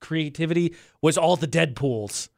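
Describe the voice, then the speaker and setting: A man's voice: on the high side, moderate pace, gravelly, darkish tone, no room sound, studio quality. Upbeat man chatting on a podcast. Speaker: co-host. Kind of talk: casual chat.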